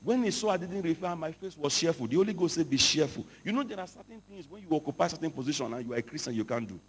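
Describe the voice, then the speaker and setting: A man preaching a sermon to pastors, telling stories and rising into shouted emphasis. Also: on the high side, animated, very fast. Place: large hall. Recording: hall reverb, from a distance.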